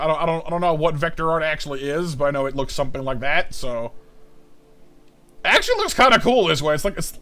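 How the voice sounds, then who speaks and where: A man's voice: fairly high pitch, a bit bright. A man in his thirties chatting casually on a live art stream, rambling and stammering with lots of fillers. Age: 30s.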